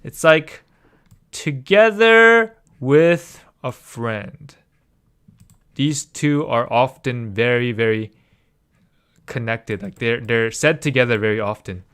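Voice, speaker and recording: A man's voice: mid-range voice, measured pace, fairly bright tone, clear, resonant tone. Chatty man teaching a livestream. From Canada. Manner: chatty, laughs often, reads chat aloud. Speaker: Korean language teacher. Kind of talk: casual livestream lesson.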